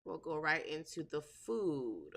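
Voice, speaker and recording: A woman hosting a casual live stream, chatting in a relaxed way, repeating words and filling pauses with "um". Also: low-pitched, vocal fry. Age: adult with a daughter. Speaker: livestream host.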